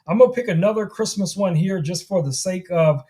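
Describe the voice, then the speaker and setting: A man hosts a relaxed tech livestream and pitches gadgets to his viewers in a chatty, salesy way. His voice sits high for a man, and he talks straight to the people watching. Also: a little fast. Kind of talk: casual product demo livestream.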